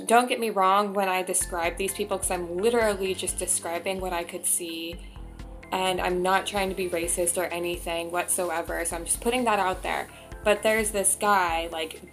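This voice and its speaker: A young woman vlogger telling a story casually in a chatty way, with lots of filler words. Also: on the low side.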